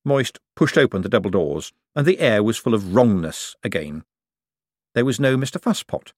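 A male narrator reads a comic novel aloud with wry, expressive storytelling. His pitch is animated and lively, and the recording is dry and close. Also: moderate pace, no room sound. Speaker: audiobook narrator. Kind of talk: scripted narration.

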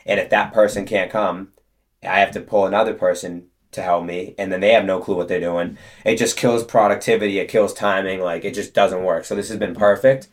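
Low-voiced chatty young man. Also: steady tone, brisk. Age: 20s. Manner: chatty, storytelling with many fillers. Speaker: guest, detailing business co-owner. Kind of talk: casual interview talk.

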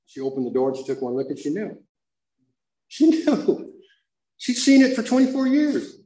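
A man telling his own recovery story at a meeting, slangy and animated, acting out the voices he quotes. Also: on the high side, normal speed, pauses often, reverberant, slight background noise, rough recording.

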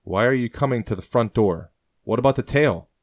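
A man's voice: mid-range voice, brisk, voice pushed up, natural voice. A man voicing an older male colonial rebel leader who speaks sternly and lectures with passion. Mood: stern passionate.

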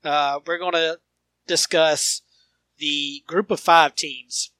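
A man co-hosting a casual sports podcast, animated and quick to laugh, sometimes slipping into a broadcaster-style call. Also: on the high side, dry recording. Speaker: podcast co-host.

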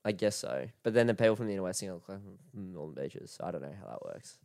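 A young Australian man who talks fast, rattling through anecdotes in casual podcast chat. His voice sits on the low side. It is recorded close and dry. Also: animated, gravelly, a little mellow, no echo. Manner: quick, chatty storyteller. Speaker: podcast co-host.

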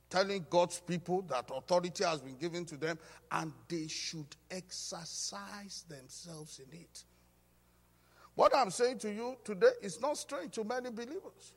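Fiery man preaching in a hall. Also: on the high side. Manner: emphatic call-and-response preaching. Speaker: pastor. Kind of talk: sermon teaching. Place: church hall. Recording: hall reverb.

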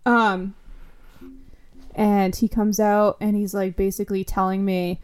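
A woman's voice: mid-range voice, level tone, a little slow, a little mellow, clear, resonant tone. A woman chatting casually as a podcast co-host, telling a story with lots of laughter and swearing. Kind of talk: casual chat.

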